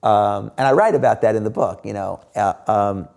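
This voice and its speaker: A man's voice: on the low side, normal speed, gravelly. A middle-aged man, an interview guest, telling stories casually with many fillers and acted-out quotes. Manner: animated, lots of fillers and quoted dialogue. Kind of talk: casual storytelling.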